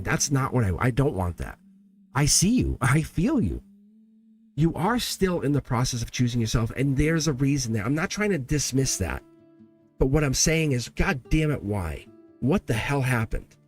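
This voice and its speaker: Animated man giving a live tarot reading. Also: normal speed, faint music behind. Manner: earnest and animated, swinging pitch, frequent laughs and self-interruptions. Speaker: tarot reader.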